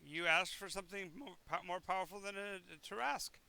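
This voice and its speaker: A man's voice: high voice, brisk, gravelly, bright, forceful tone, voice pushed up, heavily acted. A man doing a blustering giant lord. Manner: blustering, grandiose. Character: boastful male giant lord, grandiose and vague.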